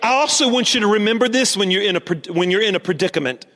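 Male pastor, high voice, sermon with call-and-response, lines repeated, long church reverb. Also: expressive, quick pace, a bit bright. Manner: preaching, call-and-response with congregation; repeats lines for emphasis, sometimes sings phrases.

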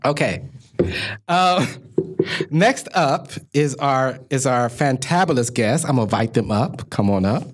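A man's voice: mid-range voice, unhurried. A man hosting a casual live podcast in a bookstore, joking, laughing often and tripping over his words. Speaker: podcast host.

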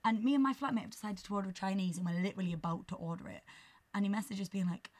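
A young woman telling a story on a podcast, animated and swearing, often breaking into laughter. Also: medium pitch, racing. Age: young adult. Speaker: podcast co-host. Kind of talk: casual chat, storytelling.

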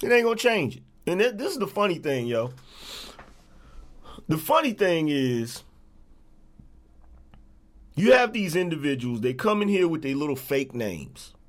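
Man ranting angrily with a high voice. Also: sing-song, a little slow, long pauses. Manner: profane, repetitive, confrontational ranting. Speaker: livestream host. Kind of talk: angry livestream rant.

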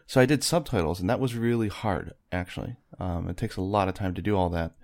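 A man guesting on a podcast, talking softly and modestly in a loose, rambling way. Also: low-pitched, fast talker. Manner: soft-spoken, modest, rambling with restarts. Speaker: podcast guest, video creator. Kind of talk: casual podcast chat.

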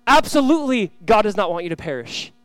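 Fast, impassioned high-voiced male pastor. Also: big pitch swings, clean tone, dry recording. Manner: impassioned, voice rising and dropping sharply; acts out quoted voices in casual speech. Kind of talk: sermon.

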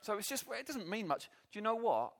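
A man preaching a sermon to a church meeting, animated and self-deprecating, often breaking into laughter. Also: high-pitched, a little fast.

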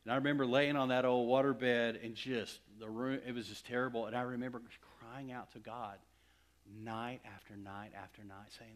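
A middle-aged man from West Texas preaching a sermon, swinging from loud emphatic lines to hushed near-whispers. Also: mid-range voice, brisk. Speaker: pastor.

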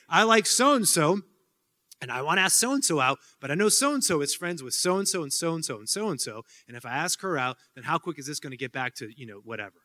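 A man's voice: a little high, bright, forceful tone. A man giving a casual Q&A talk to students, rambling with many fillers and joking asides. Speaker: speaker answering student questions. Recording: hall with long reverb.

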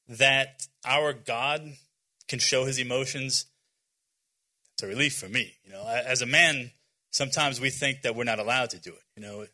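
A medium-pitched, sharp-toned male voice belongs to a youth speaker in his forties. He preaches earnestly yet informally to young people, often restarting and filling pauses, and adds touches of self-deprecating humor.

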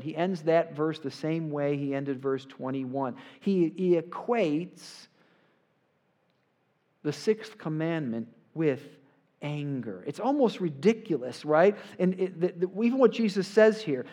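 Male pastor, emphatic sermon delivery, voice a touch higher than most men. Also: normal speed. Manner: emphatic preaching, swells louder on quotes, asks "right?". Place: church sanctuary before a congregation.

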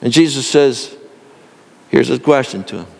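A man's voice: medium pitch, moderate pace, vocal fry, darkish tone, long reverb tail. A male pastor delivering an earnest sermon that builds in intensity.

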